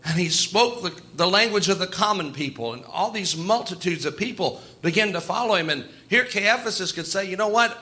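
A man's voice: high-pitched, expressive, normal speed, hardly any pauses, pushed and bright. A man preaching a sermon in a folksy, storytelling way. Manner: folksy, storytelling, chuckles often.

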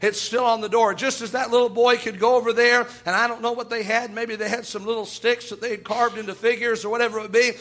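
A man's voice: very high-pitched, little pitch movement, quick pace, few pauses, fairly bright tone. A man preaching a sermon with fervor, quoting scripture and acting out quoted voices.

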